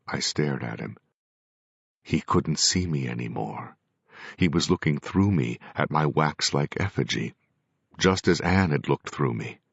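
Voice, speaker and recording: A man narrating a first-person audiobook with measured, grave storytelling. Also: extremely low pitch, animated, gravelly, husky, no echo. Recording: dry, dull lo-fi recording.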